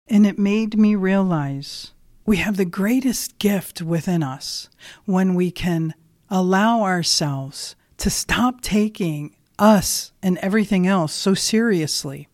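A woman's voice: on the low side, darkish tone, dry recording, clean studio sound. A woman giving a motivational talk, telling a workplace story in a conversational way and asking listeners direct questions. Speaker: motivational speaker.

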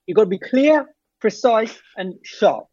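A man's voice: high-pitched, animated, a little slow, a little mellow, breathy edge, dry recording, muffled recording. A man co-hosting a podcast, earnestly explaining his point in casual banter. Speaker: podcast co-host.

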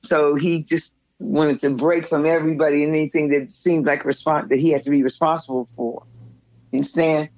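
A woman's voice: low voice, fairly even intonation, a little fast, a little mellow, no echo, muffled recording. An older woman, a guest in an interview, telling personal stories in a rambling way with many restarts. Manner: rambling, frequent restarts, acts out quoted voices. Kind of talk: candid personal storytelling.

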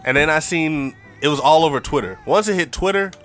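A man's voice: fairly high pitch, a little fast, a bit bright, soft background music. A young man hosting a podcast, laid-back and conversational as he steers the chat. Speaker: podcast host. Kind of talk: casual chat.

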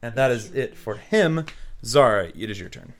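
A man narrating as game master for a tabletop game, relaxed and full of fillers. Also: medium pitch, normal speed. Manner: relaxed, filler-heavy narration with counted movement.

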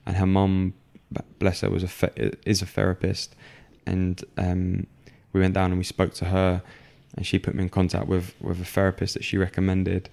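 A young man appearing as a guest tells his story candidly in a very low, gravelly voice with a flat, even tone. His delivery is halting and filler-heavy, with frequent stops and restarts.

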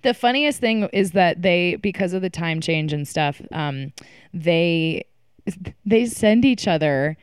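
Female co-host, playful teaser, smooth clear voice. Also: on the low side, lively intonation, slow, no room sound, studio quality. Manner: teasing, playful interjections. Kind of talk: casual chat.

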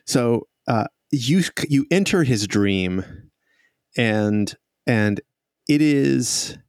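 A man's voice: mid-range voice, expressive, extremely slow, clean tone, no room sound. A man narrating as game master of a tabletop game, telling the scene in a rambling way and laughing often. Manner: laughing, rambling storytelling with restarts.

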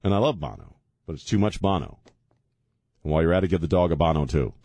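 A man's voice: extremely low pitch, very animated, fast, dark tone, dry recording. A man hosting a talk radio show from a studio, joking and sarcastic in a rambling, casual way. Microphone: studio microphone.

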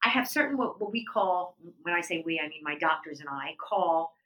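A middle-aged woman telling her story as an interview guest, animated and leaping up in pitch when she quotes people. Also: normal speed, rough recording.

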